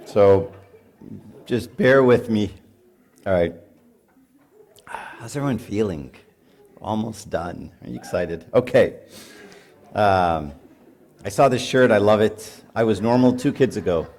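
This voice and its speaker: A man's voice: lowish voice, lively intonation, slow pace, long pauses, darkish tone. A middle-aged man giving a joking, conversational talk at a marriage retreat and putting questions to his audience. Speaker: retreat speaker.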